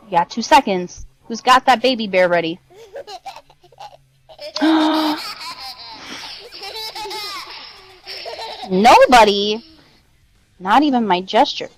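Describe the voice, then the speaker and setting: Woman reading a kids story out loud, playful, bouncy voice. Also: a little high, takes it slowly, pauses often, low-quality recording. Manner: animated, playful, chatty asides. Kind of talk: reading a children's story aloud.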